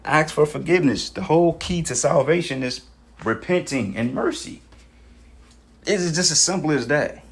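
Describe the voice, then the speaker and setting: A preacher with a fairly high-pitched voice speaks at a moderate pace, giving an informal sermon to his brothers. He exhorts them in casual street talk, with frequent profanity and a repeated "you know what I'm saying".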